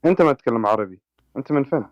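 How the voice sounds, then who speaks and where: Fast-talking male caller on a lo-fi line. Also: medium pitch, expressive. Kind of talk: call-in conversation. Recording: dull lo-fi call line.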